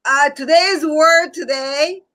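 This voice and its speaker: A woman's voice: sits high, slow pace, pushed and bright, low-quality recording. A woman co-hosting a casual livestream with her son, teasing and laughing often, with phrasing. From Japan. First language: Japanese. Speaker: co-host, the host's mother.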